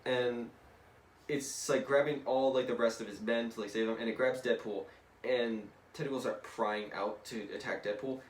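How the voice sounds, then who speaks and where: A young man casually retelling a comic story to a friend in an animated way, slipping into voices and swearing now and then. He is recorded from a distance in an echoey room. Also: medium pitch, normal speed. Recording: echoey room, distant mic, faint noise.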